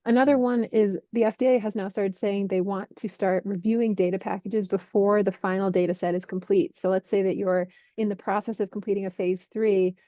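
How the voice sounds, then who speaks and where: A woman working as a healthcare investment analyst, clearly and methodically explaining drug industry developments. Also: medium pitch, steady tone, fairly quick, hardly any pauses, mellow, dry recording, lo-fi sound.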